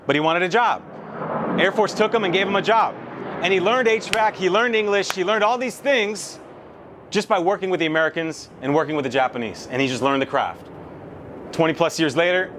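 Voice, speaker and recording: A man's voice: on the high side, a bit bright, a little hiss or hum. A man in his thirties giving a storytelling keynote speech, emphatic and conversational. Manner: emphatic, conversational, swears casually. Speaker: motivational speaker.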